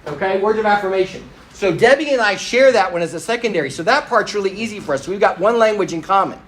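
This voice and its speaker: A man's voice: high-pitched, expressive, fast, a bit bright, roomy sound, low-quality recording. Man preaching a chatty storytelling sermon. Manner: conversational and self-deprecating, addresses the crowd directly. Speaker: pastor.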